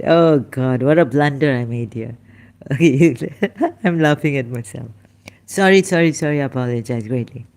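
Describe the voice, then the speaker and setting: A woman reads scripture aloud and comments on it, halting and chuckling at herself. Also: sits low, darkish tone. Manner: halting, self-interrupting, chuckling. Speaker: religion critic.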